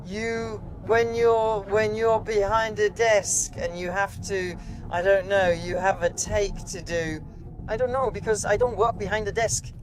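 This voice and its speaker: A woman's voice: medium pitch, fairly even intonation, unhurried, background noise. A woman, an automotive TV journalist, chatting casually from inside a car and explaining things with many asides. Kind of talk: casual conversation.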